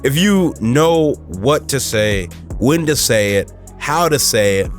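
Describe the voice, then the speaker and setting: A man's voice: medium pitch, lively intonation, takes it slowly. Podcast host, male, mid-range voice, loose, emphatic delivery full of fillers, faint music in the background. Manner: casual and emphatic, many fillers, rising for stress. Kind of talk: motivational podcast monologue.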